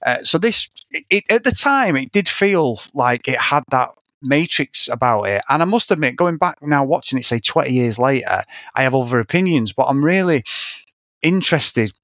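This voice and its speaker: Sweary, animated British podcast host. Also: male voice, mid-range voice, normal speed, no echo. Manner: sweary, rambling storytelling with laughs. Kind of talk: casual chat.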